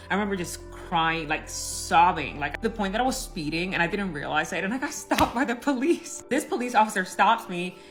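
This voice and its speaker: A woman's voice: lowish voice, a bit bright. A woman casually recounting a painful personal story, emotional and rambling with frequent fillers. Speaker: storyteller recounting her marriage.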